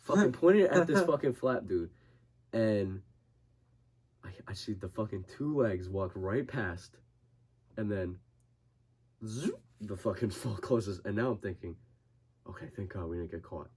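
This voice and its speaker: A man's voice: lowish voice, expressive, a little slow, long pauses, a little mellow, breathy edge. A young man in casual podcast chat, telling a story full of swearing and acting out his friend's panic. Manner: swears constantly, acts out friends' panicked voices. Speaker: podcast guest, boxer.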